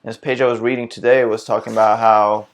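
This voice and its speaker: Fairly low-pitched and a little fast, this man's delivery stays flat. Hosting his laid-back self-help vlog, he reflects earnestly, and his sentences frequently start over as he works through his thoughts.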